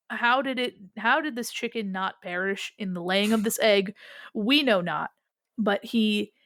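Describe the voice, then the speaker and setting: A woman runs a tabletop game, narrating scenes in a playful, rambling way. Her voice sits in a middle pitch, recorded dry and close. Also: no echo. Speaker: game master.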